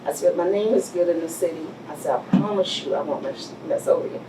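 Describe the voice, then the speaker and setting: A middle-aged Texas woman who owns a business speaks fast in a lowish voice as an interview guest, telling her story bluntly and acting out other people's lines. The mic sounds distant in a roomy space, with faint hiss behind her.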